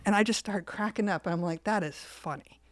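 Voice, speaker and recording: A woman's voice: medium pitch, brisk, no room sound, studio quality. A woman co-hosting a podcast, telling a story in casual chat and acting out the quoted lines. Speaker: podcast co-host.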